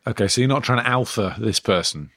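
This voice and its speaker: A man's voice: mid-range voice, fast talker, a bit bright, no echo, studio quality. A man co-hosting a comedy podcast, teasing and asking questions in casual chat.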